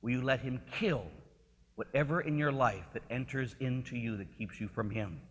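A man preaching a sermon in an animated, conversational and emphatic way. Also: mid-range voice, moderate pace, in a large hall.

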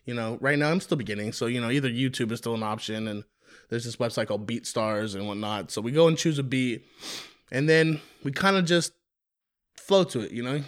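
A young man, a rapper, talking casually in an interview about writing songs, with relaxed speech full of "you know what I mean". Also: medium pitch, fairly quick. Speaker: rapper guest.

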